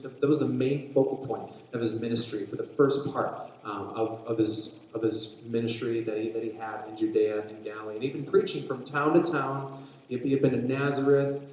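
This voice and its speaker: Mellow-voiced preacher in an echoey room. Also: male voice, medium pitch. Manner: animated storytelling with frequent restarts. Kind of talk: sermon, retelling a story.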